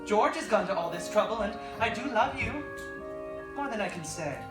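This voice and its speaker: A woman's voice: medium pitch, animated, moderate pace, lightly acted. Stage role: a woman as a lovesick young groom, earnest and pleading, distant in an echoey theater with music.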